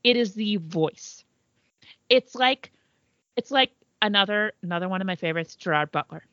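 A woman's voice: mid-range voice, animated, moderate pace, sharp tone, dry recording, highs cut off. A woman co-hosting a podcast in casual chat, swearing freely and trailing off mid-thought. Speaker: podcast co-host.

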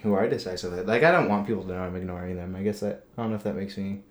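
A man's voice: sits low, very fast. A young adult man talking as a guest in a casual chat, rambling with lots of "like" and frequent laughter. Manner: rambling, laughing, many "like" fillers. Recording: roomy echo.

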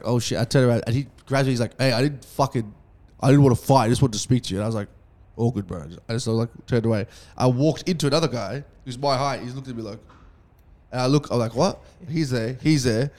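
Fast-talking young man spinning a story. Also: medium pitch, darkish tone. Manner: fast, swearing, acts out dialogue. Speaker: podcast host telling a story. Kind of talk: casual storytelling chat.

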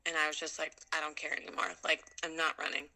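A woman in her thirties from Minnesota, chatting casually as an interview guest. Her voice is bright and forward, set a little low for a woman. She talks in an upbeat, rambling way with plenty of fillers. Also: level tone, fast talker, creaky, low-quality recording. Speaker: guest, ultrarunner.

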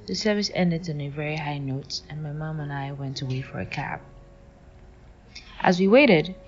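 A young woman from Nigeria telling a personal story in a wry, animated way. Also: lowish voice. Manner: wry, animated retelling with acted quotes. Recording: lo-fi with faint music.

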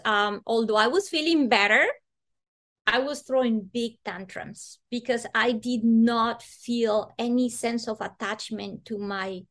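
A woman guest earnestly telling a personal story in conversation, acting out the voices she quotes. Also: mid-range voice.

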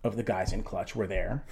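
A man's voice: on the low side, vocal fry, darkish tone, breathy edge. A middle-aged man, a former band singer, tells a story in conversation with lots of restarts, jumping into raised voices to act out quotes.

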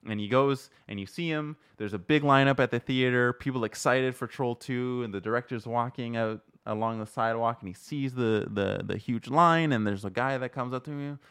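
Smooth-voiced man chatting casually. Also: medium pitch, normal speed, hardly any pauses, fairly bright tone. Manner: rambling, many fillers like "like" and "you know", acts out quotes. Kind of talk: casual podcast chat about films.

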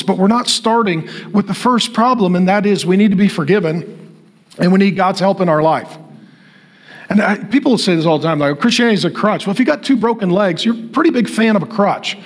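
High-voiced man preaching a sermon. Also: fairly quick. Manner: repetitive rhetorical preaching, builds to emphatic declarations. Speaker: pastor.

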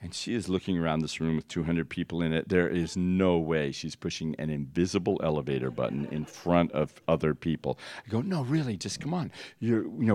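A man teaching at a ministry school, telling stories and laughing often, jumping up in pitch as he acts out what people said. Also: a little mellow, dry recording. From United States. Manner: storytelling, laughs often, acts out dialogue with big jumps in pitch. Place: church teaching hall.

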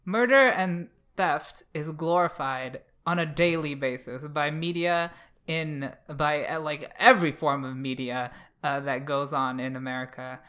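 A woman's voice: deep voice, unhurried, a bit bright. A young woman co-hosting a podcast, debating in a blunt, sarcastic, loose way. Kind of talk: casual debate chat.

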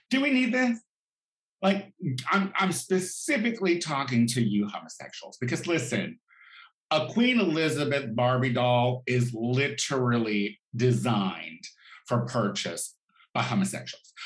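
A man's voice: medium pitch, a bit bright. A man doing a sassy, profane comedic rant, campy and full of exaggerated outbursts, recorded in an echoey room. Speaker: vlogger.

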